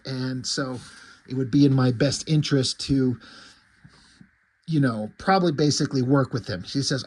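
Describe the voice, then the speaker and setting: A man's voice: mid-range voice, steady tone, normal speed, darkish tone. A man casually retelling a comic book's story for his viewers, rambling and chatty, loosely paraphrasing the characters' dialogue into a camera mic. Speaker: comic book reviewer. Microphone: camera mic while filming the pages.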